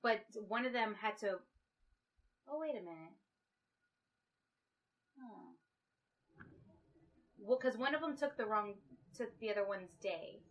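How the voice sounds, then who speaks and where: A woman with a mid-range, expressive voice speaks slowly and pauses often, and the sound is lo-fi. She's co-hosting a casual podcast, rambling through a movie plot and acting out the characters' lines.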